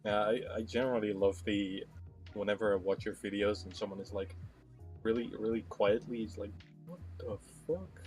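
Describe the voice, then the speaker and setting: A male podcast host asking a guest relaxed, direct questions. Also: fairly low pitch, fairly quick, soft background music. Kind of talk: interview questions.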